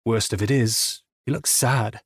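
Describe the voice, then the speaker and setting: Husky male audiobook narrator. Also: medium pitch, steady tone, a little slow, dry recording, clean studio sound. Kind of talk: first-person romance audiobook narration.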